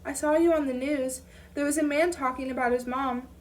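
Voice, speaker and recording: A woman reading an audiobook, voicing a frightened teenage girl who speaks hesitantly and quietly through tears. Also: high voice, steady tone, fairly quick, recorded from a distance, lightly acted. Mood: timid. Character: scared shy teenage girl on the phone.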